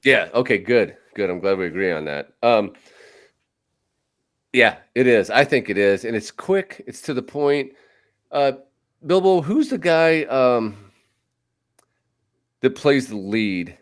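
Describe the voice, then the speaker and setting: A podcast host chats casually about movies, rambling with plenty of fillers and restarts. His medium-pitched voice is animated yet slow, broken by long pauses.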